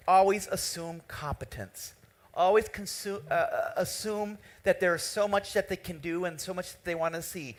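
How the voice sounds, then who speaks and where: A man giving a conference keynote in a hall, telling a story with lively quoted dialogue. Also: on the high side. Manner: animated, tells a story and quotes the people in it. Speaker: keynote speaker.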